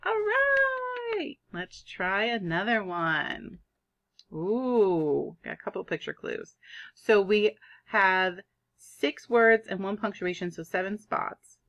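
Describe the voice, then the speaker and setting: A woman teaching a kindergarten reading lesson, sounding out words in an animated, drawn-out way. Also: mid-range voice, highs cut off. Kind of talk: online phonics lesson for young children.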